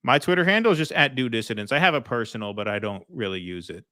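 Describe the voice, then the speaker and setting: A man's voice: medium pitch, lively intonation, fast, bright, forceful tone, dry recording, studio quality. A man hosting a casual political livestream, reading out viewer comments and thanking donors, chatty with many ums and restarts. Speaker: host reading viewer super chats.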